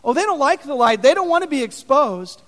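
A man with a strikingly high voice preaches a sermon, animated and chatty, full of fillers as he tells his stories. His words carry a long, ringing reverb, as in a big hall. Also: brisk. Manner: animated, conversational storytelling with many fillers. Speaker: pastor.

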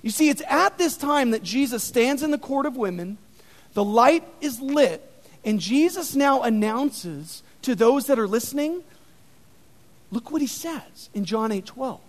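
A man preaching an animated sermon, telling stories with dramatic emphasis. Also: very high voice, a little slow. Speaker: pastor. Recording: long reverb in a hall.

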